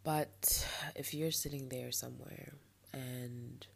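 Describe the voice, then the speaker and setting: Low husky young woman ranting candidly. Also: fairly even intonation, takes it slowly. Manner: candid, frustrated, ranting with soft laughs. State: blocked nostril. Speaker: podcast host. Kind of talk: late-night personal monologue.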